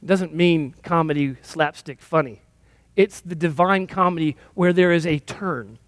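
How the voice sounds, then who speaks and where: A man's voice: a little high, moderate pace, dry recording. A male pastor giving a sermon in a conversational, self-deprecating storytelling manner.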